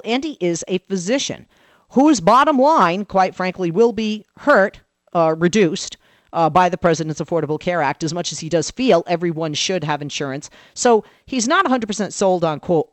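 Animated woman telling a story on talk radio. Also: fairly low pitch, no room sound. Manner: animated storyteller who acts out quoted dialogue. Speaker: political commentator, radio guest. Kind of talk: lively talk-radio commentary.

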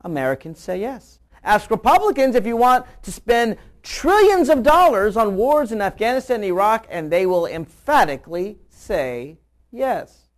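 Animated, sarcastic political commentator. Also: mid-range voice. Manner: animated and sarcastic, mocking rhetorical questions. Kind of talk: commentary on a news clip. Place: Virginia.

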